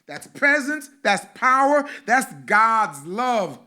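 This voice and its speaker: A male reverend giving a sermon with a guided meditation at a spiritual center, speaking in slow, rhythmic lines with repeated phrases. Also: very high voice, big pitch swings, bright, forceful tone.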